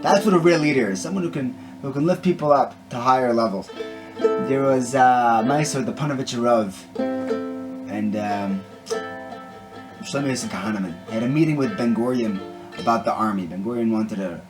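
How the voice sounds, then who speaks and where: A man's voice: medium pitch, moderate pace. Man giving a casual Torah talk. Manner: conversational, peppered with Hebrew and Yiddish terms. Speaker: Torah teacher and singer. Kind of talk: short Torah talk with a story. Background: guitar music.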